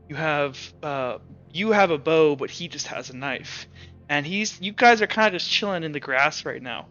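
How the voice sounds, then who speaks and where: Man GM, casual rambling narrator, bright higher voice, muffled lo-fi mic. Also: expressive, moderate pace, faint music behind. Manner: casual, rambling, frequent "like" and restarts. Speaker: game master. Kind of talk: narrating a tabletop game.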